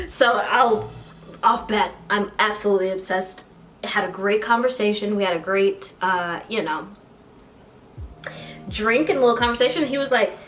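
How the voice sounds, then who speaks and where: A young American woman, a beauty vlogger, telling a story while doing her makeup. She talks casually and animatedly, with bursts of excited squealing. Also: medium pitch, moderate pace, soft background music. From United States. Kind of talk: get-ready-with-me storytime.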